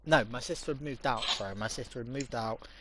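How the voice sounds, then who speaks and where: A man's voice: medium pitch, fairly quick, noisy background. A young man, co-hosting a casual podcast chat and telling funny stories with laughter. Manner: animated, laughing storyteller. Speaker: podcast co-host.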